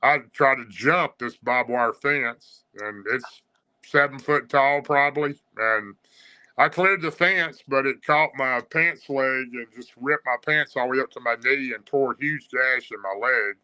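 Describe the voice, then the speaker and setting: A man tells a personal story as a guest, in a casual, rambling way full of pauses and restarts. His voice is very bright and sharp. His pitch sits in an average range. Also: clean tone, low-quality recording. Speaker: guest recounting encounters.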